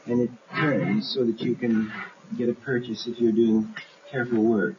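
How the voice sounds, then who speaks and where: A man who works as an animator explains his film in a documentary, lively and acting out scenes as he goes. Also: mid-range voice, moderate pace. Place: animation studio. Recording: dull 1970s documentary audio with faint hiss.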